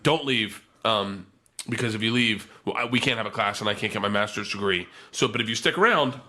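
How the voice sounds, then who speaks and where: A man's voice: lowish voice, a little fast, sharp tone. A man quoting a nervous young teacher. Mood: pleading. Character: nervous young female language teacher pleading.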